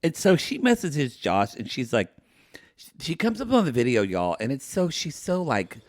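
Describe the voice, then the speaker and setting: A man's voice: medium pitch, big pitch swings, moderate pace, darkish tone, no room sound, studio quality. A man co-hosting a podcast, recapping a reality show in gossipy, emphatic casual chat and swearing freely. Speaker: podcast co-host.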